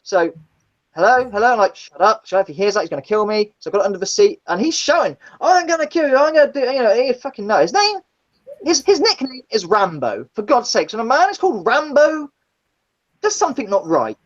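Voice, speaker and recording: A woman tells gritty stories in casual chat. She is blunt and swears freely, and she acts out the people she describes with a very lively pitch. The stream audio sounds dull and lo-fi. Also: fairly quick. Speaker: guest, former taxi driver. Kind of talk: casual storytelling in a live chat.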